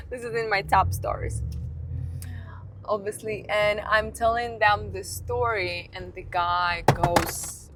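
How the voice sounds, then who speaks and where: Slow and steady in tone, this fairly bright, medium-pitched female voice comes with slight background noise. While driving, the young vlogger films herself on her phone for a storytime vlog, candidly recounting a sweary story and laughing at herself.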